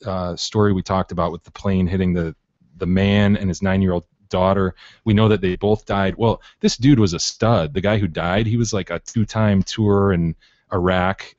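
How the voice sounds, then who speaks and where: A man's voice: low voice, steady tone, normal speed, darkish tone, no room sound, muffled recording. A man co-hosting a casual podcast, telling news stories in a loose, laughing way and swearing freely. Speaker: podcast co-host.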